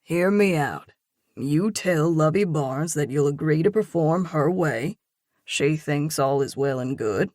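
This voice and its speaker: A woman reading an audiobook and voicing a grounded young man who talks in a calm, encouraging, lightly teasing way. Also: deep voice, unhurried, no room sound, studio quality. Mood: coaxing. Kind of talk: audiobook dialogue.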